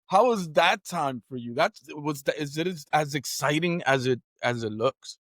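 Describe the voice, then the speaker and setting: Enthusiastic halting male host. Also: fairly high pitch, lively intonation, no room sound, studio quality. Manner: enthusiastic, halting, lots of restarts and affirmations. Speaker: podcast host. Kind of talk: casual interview chat.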